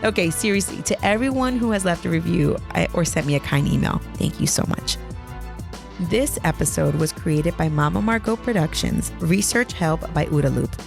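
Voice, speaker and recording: A woman's voice: lowish voice, lively intonation, normal speed, creaky, music in the background. A woman in her thirties hosting a podcast, telling a story in a chatty, self-mocking way into a close microphone. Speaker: podcast host. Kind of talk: casual storytelling. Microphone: close podcast mic.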